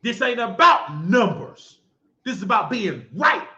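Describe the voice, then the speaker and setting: High, bright-voiced man ranting. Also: very animated, unhurried. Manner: scolding, mocking, preachy. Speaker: talk show host. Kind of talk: ranting monologue. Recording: echoey lo-fi room sound.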